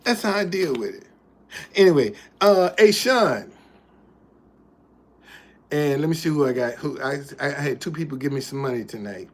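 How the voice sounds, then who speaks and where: A man's voice: on the high side, lively intonation, normal speed, pauses often. A man hosting a casual livestream, speaking in an emphatic, preachy way that keeps repeating its points. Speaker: livestream host.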